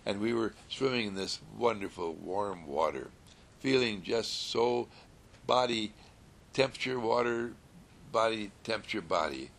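Low gravelly guy, slow soothing sermon talk, gentle and repetitive. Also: animated.

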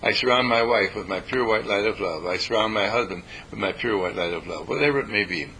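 Talking fast in a fairly low, bright, forceful voice, a Californian dean and spiritual teacher teaches meditation with folksy repetition and sudden panicked impressions. The audio is poor, with faint background noise.

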